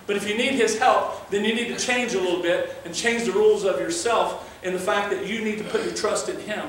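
A man's voice: high voice, a little fast, fairly bright tone, a little hiss or hum. A male pastor preaching a sermon in an earnest, conversational way, weaving in scripture readings. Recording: very echoey room, mic far off.

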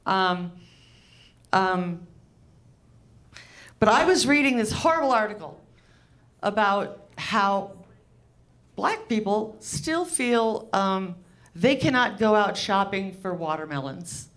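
A woman's voice: medium pitch, expressive, takes it slowly, pauses often, a bit bright. A woman comedian doing a stand-up set on a club stage, loose, rambling and crude, poking fun at herself. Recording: live club set with audience laughter.

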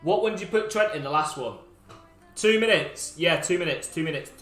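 A young man live-streaming a football video game, bantering with his chat, teasing viewers and breaking into sudden shouts. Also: on the high side, lively intonation, fairly quick, echoey room, soft background music.

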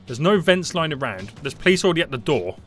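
A man giving live gameplay commentary, panicky and excitable, often repeating short phrases. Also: fairly high pitch, fast, soft background music. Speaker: gaming YouTuber.

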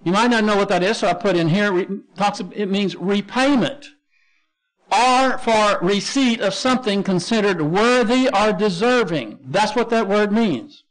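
A high-pitched pastor with a Texan accent speaks a little slowly while teaching a Bible lesson. He works through Greek words step by step, spelling them letter by letter and often restarting.

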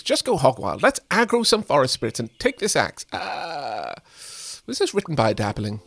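A man's voice: fairly high pitch, very animated, normal speed, a bit bright, dry recording. A young man casually commentating while playing a game, joking and reading text aloud. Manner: playful, reads text aloud, jokes, many fillers. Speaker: let's play host.

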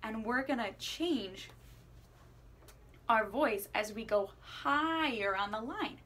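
A woman's voice: expressive, slow, a bit bright. Encouraging woman teaching kids to sing. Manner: encouraging, asks the listener questions; playful, swoops her voice high and low. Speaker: music teacher. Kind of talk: children's singing lesson.

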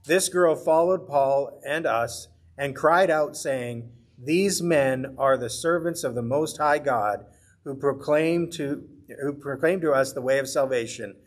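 A man's voice: medium pitch, unhurried. A man teaching a Bible study as pastor, in an earnest, conversational way, sometimes acting out the voices he quotes.

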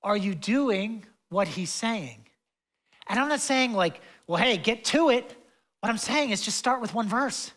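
Passionate, chatty young pastor preaching. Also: male voice, sits high, lively intonation, measured pace. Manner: conversational preaching with fillers and asides; passionate, swings between loud and hushed. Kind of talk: sermon.

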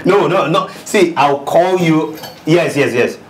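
A young man acts out an earnest Nigerian groom-to-be who stumbles over his words, doubling them up as he talks. His voice sits fairly low, and a steady noisy hum runs under the film recording. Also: normal speed, natural voice. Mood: overjoyed. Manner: stammering, repeats words.

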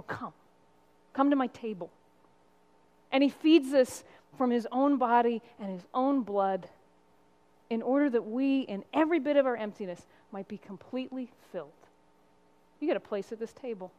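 A woman's voice: high-pitched, darkish tone. A woman pastor giving a sermon in an earnest, conversational preaching style. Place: church sanctuary. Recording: long reverb of a church hall.

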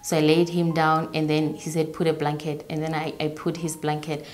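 A young woman telling a personal story in an interview, halting and repeating herself, softly voicing what others said. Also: low-pitched, monotone, slight background noise.

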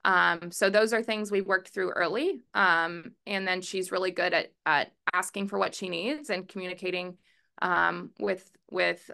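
Chatty woman coach with a gravelly voice. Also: medium pitch. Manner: chatty, lots of fillers and restarts; calls herself a verbal, loud coach. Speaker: head softball coach. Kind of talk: press conference answers. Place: press room.

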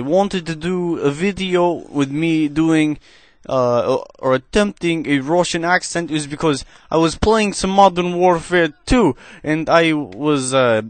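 A man doing gameplay commentary in a cheesy put-on Russian accent, speaking halting, broken English into a headset. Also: a little high, no echo. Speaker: gaming commentator.

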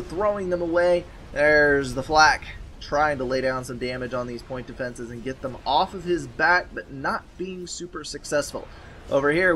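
A man casting a real-time strategy match, giving calm running commentary with dry, wry asides. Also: a little high, a little hiss or hum. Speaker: game caster. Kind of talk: game commentary.

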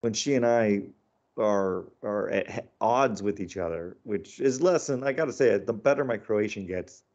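A middle-aged American man, an author and comedian, chatting in an interview and telling animated stories with many fillers and restarts. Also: fairly low pitch, moderate pace, lo-fi sound. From United States. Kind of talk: casual interview chat.

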